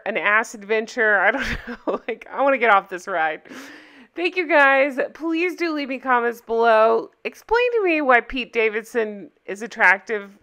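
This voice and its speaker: A woman's voice: on the high side, pushed and bright, smooth. A woman hosting a casual reaction video, sarcastic and laughing often as she comments into her microphone. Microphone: desk microphone.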